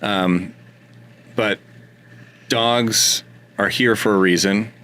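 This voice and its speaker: A man's voice: fairly low pitch, fairly even intonation, very slow, fairly bright tone. A man as an interview guest, talking in a thoughtful, casual way and searching for words. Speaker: interview guest, dog photographer.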